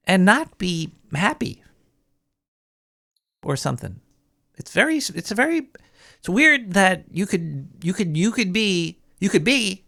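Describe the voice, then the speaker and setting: A jittery, paranoid sewer rat hosting his own late-night call-in show, as a man puts on the voice. His mid-pitched voice is gravelly with a creaky edge, and he rambles and restarts his sentences. The sound is dry and close, with no room around it. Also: sharp tone, no echo, exaggerated voice. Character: paranoid male cartoon sewer rat host. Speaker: radio show host.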